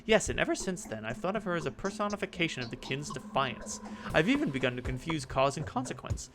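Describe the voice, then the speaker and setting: A man reading the lines of a suspicious young nobleman heir from a game, in his own gravelly voice. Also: a little high, very animated, fast talker, background noise. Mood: brooding. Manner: reads game dialogue aloud in his own voice.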